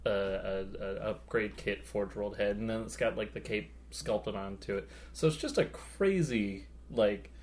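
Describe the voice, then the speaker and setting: A man's voice: fairly low pitch, measured pace, darkish tone, slight background noise. A man co-hosting a podcast, chatting casually and rambling with many fillers about his hobby. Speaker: podcast co-host.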